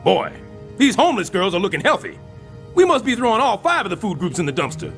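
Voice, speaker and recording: An actor playing a loud, wisecracking, scheming middle-aged building super in an animated sitcom. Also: male voice, fast talker, over loud music. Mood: blustering. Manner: loud, wisecracking, swings wildly in pitch.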